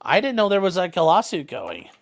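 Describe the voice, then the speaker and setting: A man's voice: high-pitched, wildly swooping pitch, fairly quick, creaky. A man hosting a livestream, rambling and joking as he reacts to the chat. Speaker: livestream host reading chat. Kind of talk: casual stream chat.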